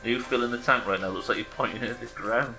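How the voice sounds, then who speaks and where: Fast, pushed and bright, this mid-range male voice belongs to a British man streaming a driving game. He keeps up dry, jokey chatter with his chat while soft music plays.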